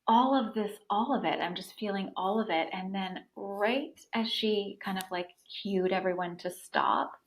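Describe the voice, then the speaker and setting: Woman in her 30s, podcast guest, chatty storytelling, lots of "like", mid pitch. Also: normal speed, hardly any pauses, poor audio. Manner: animated, frequent "like" fillers. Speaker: podcast guest, breathwork facilitator. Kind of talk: casual storytelling.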